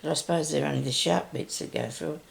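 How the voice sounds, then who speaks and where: Older woman, raspy gravelly voice, rambling casual stitching tutorial. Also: deep voice, fast talker. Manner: chatty, rambling, self-interrupting. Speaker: sewing tutorial host.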